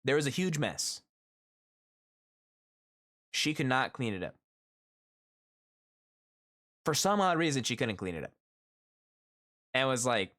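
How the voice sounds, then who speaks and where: A middle-aged man is chatting live with his stream viewers, telling a story about his day. His voice sits at an ordinary pitch but swings up and down a lot as he acts out what everyone said. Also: moderate pace, long pauses. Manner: animated storytelling, acts out quoted coworkers. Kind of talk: casual chat with viewers.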